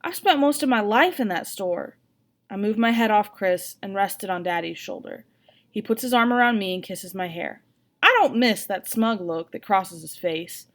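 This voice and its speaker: A woman reads a novel aloud as first-person narration, expressive and steady. Her voice sits at a middle pitch, neither high nor low. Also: moderate pace. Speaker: audiobook reader.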